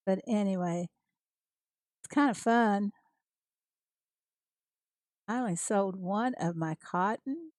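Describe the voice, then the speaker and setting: An American woman from the United States streams a farming game and chats casually with her viewers, greeting them by name and laughing often. Her voice is medium in pitch with a darkish tone, recorded dry.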